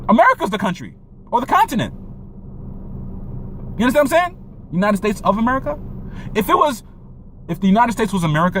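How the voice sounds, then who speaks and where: A man's voice: high voice, a bit bright, a little hiss or hum. A young man delivering a preachy, profane monologue rant, full of repetition and rhetorical questions.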